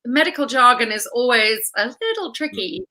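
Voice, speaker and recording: A woman hosts an interview with a fairly high, very bright and forceful voice. She sounds enthusiastic and playful, and she pays her guest compliments as she chats. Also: animated, normal speed, rough recording. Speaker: interview host. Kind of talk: casual interview chat.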